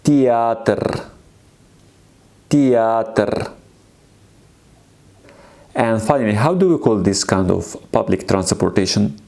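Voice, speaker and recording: A man's voice: on the low side, expressive, brisk, gravelly, hardly any pauses, a little mellow. A man teaching a language lesson, explaining in simple sentences and repeating each sound and word several times for learners to echo. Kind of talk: slow, patient alphabet lesson.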